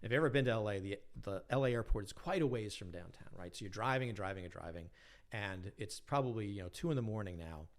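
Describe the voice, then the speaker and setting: A middle-aged man with a low-pitched voice tells a long story on a podcast. He keeps it casual and animated, laughs often, and briefly puts on the voices of the people he talks about. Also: quick pace. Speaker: podcast guest, physicist.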